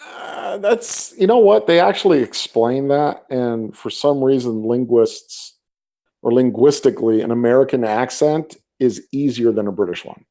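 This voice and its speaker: Mellow-toned man, wry podcast co-host. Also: mid-range voice, normal speed. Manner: wry, deadpan jokes. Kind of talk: casual chat.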